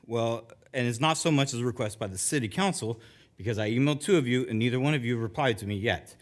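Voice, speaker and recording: Middle-aged resident, nervous and emotional, stumbles and restarts while reading prepared remarks at a council podium. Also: male voice, medium pitch, fast talker. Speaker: resident giving public comment. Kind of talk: public comment at a council meeting. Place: council chamber.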